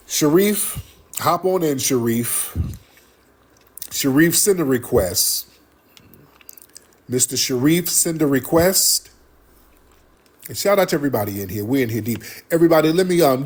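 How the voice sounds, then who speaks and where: Husky, animated man ranting on a livestream. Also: medium pitch. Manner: blunt, profane, animated ranting to viewers. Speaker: livestream host. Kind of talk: heated livestream commentary.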